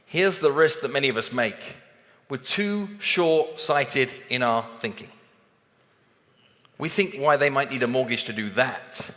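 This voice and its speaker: A man giving a motivational talk on a stage, animated and acting out both sides of conversations. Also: mid-range voice, unhurried, long reverb tail. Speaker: sales trainer speaking on stage.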